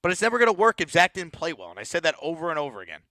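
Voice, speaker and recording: A man's voice: fairly high pitch, wildly swooping pitch, racing, sharp tone, no echo, clean studio sound. A man hosting a postgame call-in sports show, ranting bluntly and repeating words when he gets heated. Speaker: sports talk show host.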